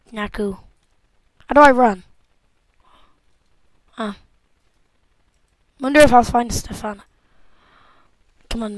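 A young woman giving casual, jokey let's-play commentary from home, excitable and talking back to the game as she plays. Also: on the high side, no echo, poor audio. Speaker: gameplay commentator.

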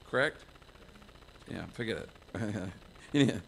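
A man's voice: mid-range voice, animated, unhurried, gravelly, slight background noise. A man from the United States preaching a folksy, self-mocking sermon to a church congregation, wandering into asides. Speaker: pastor.

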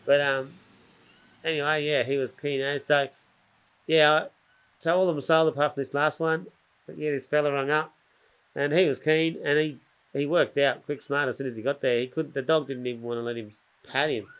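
A man's voice: a little high, normal speed, clean tone. A man with an Australian accent, a podcast guest telling stories in a casual, rambling way with lots of slang and restarts. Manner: animated, acts out other people's lines. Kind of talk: casual storytelling chat.

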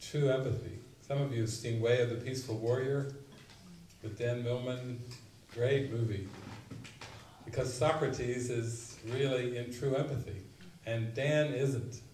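A man giving a spiritual retreat talk, telling stories and acting out quotes with sudden loud bursts. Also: medium pitch, fairly even intonation, unhurried. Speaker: spiritual teacher. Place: retreat meeting room. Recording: roomy, mic at a distance, faint noise.

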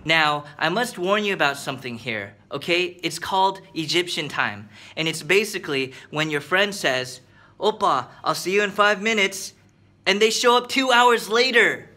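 A man's voice: high voice, animated, normal speed, pushed and bright. A man from Korea hosting a vlog, chatty and friendly, often checking in with "okay?". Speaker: vlog host. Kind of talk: casual vlog narration. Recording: noisy background.

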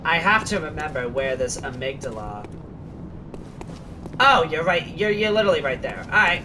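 A gaming channel host giving let's play commentary, excitable, exclaiming and swearing at the game. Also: mid-range voice, normal speed, long pauses, far from the mic, noisy background.

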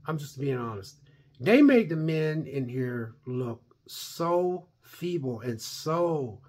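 A man's voice: fairly high pitch, breathy edge. A man giving a rambling, blunt, opinionated spoken review of a TV series. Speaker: show reviewer.

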